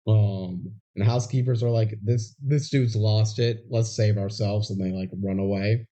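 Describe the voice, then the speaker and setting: A man's voice: lowish voice, fairly even intonation, normal speed, mellow, lo-fi sound. A man co-hosting a podcast, recapping a movie scene by scene and acting out the characters' lines. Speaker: podcast co-host. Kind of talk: casual movie recap chat.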